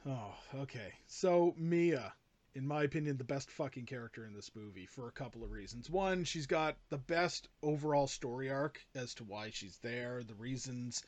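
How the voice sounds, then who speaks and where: A man's voice: mid-range voice, animated, normal speed, a little mellow, dry recording. A man hosting a casual movie review podcast, giving blunt, emphatic opinions with plenty of swearing. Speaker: podcast host.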